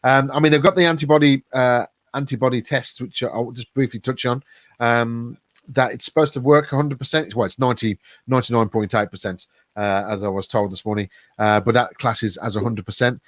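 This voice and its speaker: A man's voice: mid-range voice, steady tone, brisk, dry recording. Rambling male host, dry sound. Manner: rambling, filler-heavy, restarts. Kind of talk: casual live-stream chat.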